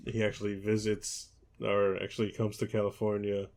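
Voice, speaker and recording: A man hosting a football podcast in casual chat, relaxed and hesitant, with many ums and restarts. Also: fairly low pitch, normal speed. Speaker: podcast host.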